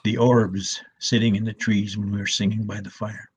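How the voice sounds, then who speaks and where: Soft-spoken older male elder, husky. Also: lowish voice, little pitch movement. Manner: soft, slow and repetitive, with many restarts. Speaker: elder storyteller. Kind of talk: gentle storytelling talk.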